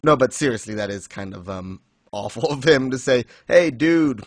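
A man's voice: lowish voice, a little fast, dry recording. Dry-voiced man recapping, laughing often. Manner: chatty, laughs often, acts out quotes. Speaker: podcast host. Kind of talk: casual recap chat.

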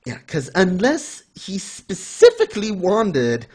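A man's voice: high-pitched, wildly swooping pitch, slow pace, slightly rough. A man co-hosting a casual anime discussion, explaining things in a mock-formal lecturing way and correcting himself as he goes. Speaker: podcast co-host.

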